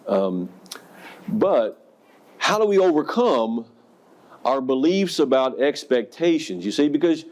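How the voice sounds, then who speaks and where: A man's voice: mid-range voice, slow, pauses often. A man who was a school principal, giving a professional development talk to educators and telling stories with audience questions. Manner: storytelling, animated, asks the audience questions.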